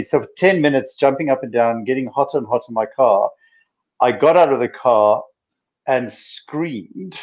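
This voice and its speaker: A man's voice: mid-range voice, lo-fi sound. A man, a doctor, chatting on a casual video podcast from a room in a mountain house, telling stories with earnest animation. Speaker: doctor and co-host.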